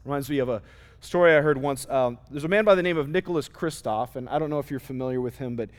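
A man preaching a sermon, earnest and plain, often pausing on fillers and restarting his sentences. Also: mid-range voice. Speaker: pastor. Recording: long reverb of a hall.

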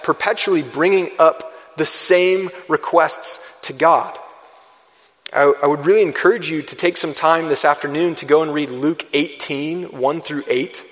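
A man delivers an earnest sermon from the pulpit, his voice sitting a little high for a man. It carries with a long reverb through the church hall. He speaks in measured phrases and now and then restarts a word. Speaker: pastor. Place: church sanctuary.

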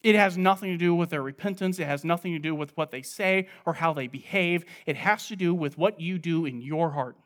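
A man preaching an expository sermon, asking rhetorical questions and answering them, moving between loud stress and quiet, low asides. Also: a little fast, hardly any pauses.

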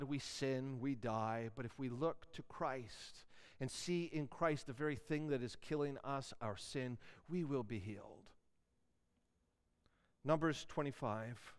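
A man preaching a sermon in an animated way, acting out questions and objections. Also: medium pitch, clear, resonant tone.

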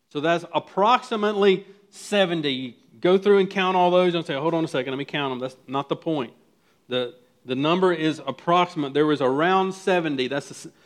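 A man preaching from the pulpit in a fairly high voice. He teaches in an earnest, conversational way, often restarting his words, then climbs to loud, emphatic peaks when he presses a point. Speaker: pastor. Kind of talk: sermon.

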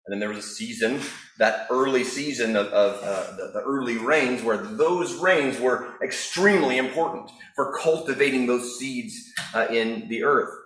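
A male pastor delivers a sermon in a relaxed, conversational way and drifts easily into storytelling. His voice sits at an ordinary pitch for a man. The church is echoey around him. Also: moderate pace, a little hiss or hum.

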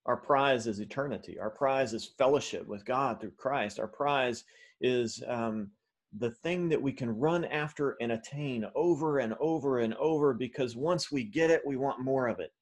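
A man preaching a sermon, his voice sitting at an ordinary middle pitch. He talks in an animated, conversational way, with the odd filler and restart. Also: normal speed. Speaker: pastor.

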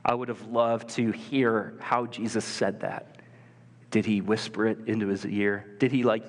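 Animated preacher in a reverberant hall. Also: male voice, mid-range voice. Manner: conversational, animated, acts out biblical voices. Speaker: pastor. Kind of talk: sermon. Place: church sanctuary.

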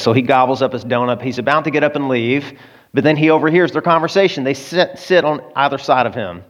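A man's voice: medium pitch, a little fast. A man preaching a sermon, telling a story in a conversational way with asides to the listeners, on a dull lo-fi recording. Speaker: pastor.

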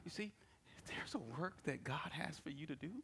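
Male pastor, animated storyteller, bright forceful voice, slightly high. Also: normal speed, gravelly, slight background noise. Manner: animated storytelling with personal anecdotes; conversational, repeats words and asks "right?". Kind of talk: sermon.

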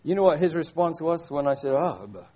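Emphatic older male preacher, high voice. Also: fairly even intonation, fast, mellow. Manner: emphatic, repeats key phrases, asks rhetorical questions. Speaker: pastor. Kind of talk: sermon.

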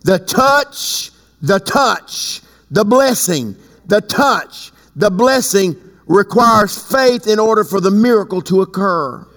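High-voiced preaching man in a reverberant church. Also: expressive, fairly bright tone. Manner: preaching with sudden pitch leaps and slow emphatic stretches. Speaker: pastor. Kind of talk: sermon. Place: church sanctuary. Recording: long hall reverb.

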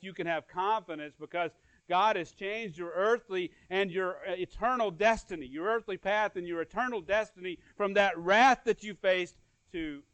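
A man preaching a sermon earnestly. His voice swells louder and then drops soft, and he repeats phrases and restarts words as he goes. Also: sits high, moderate pace, no echo, poor audio. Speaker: pastor.

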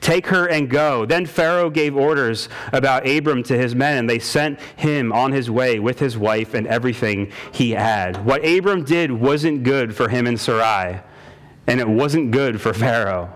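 Male pastor, emphatic sermon delivery, repeats lines for stress, mid-pitched voice. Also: normal speed. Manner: emphatic preacher, repeats lines for stress, says "man" and "guys".

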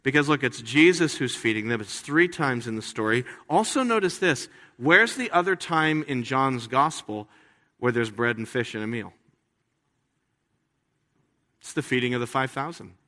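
Guy pastor giving a sermon, chatty and animated, bright voice, lots of hall reverb. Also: medium pitch, moderate pace. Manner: conversational, animated with playful asides.

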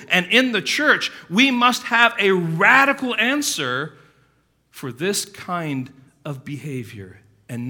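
A pastor preaching a sermon with passion, his delivery swinging from loud emphasis to quiet, earnest asides. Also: on the high side.

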